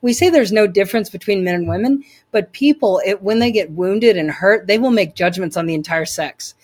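A woman's voice: medium pitch, fairly quick, a little mellow. Earnest woman giving a testimony. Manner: earnest, emphatic, with repeated word restarts. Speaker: interview guest. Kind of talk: personal testimony in an interview.

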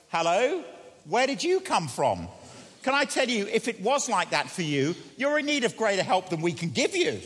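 A man preaches an earnest sermon, talking like he's chatting with the crowd. His voice is fairly high and swings widely in pitch. It rings out with a long reverb, as in a large hall. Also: fairly bright tone. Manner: earnest, conversational, dropping low and slow for prayer. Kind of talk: evangelistic sermon.

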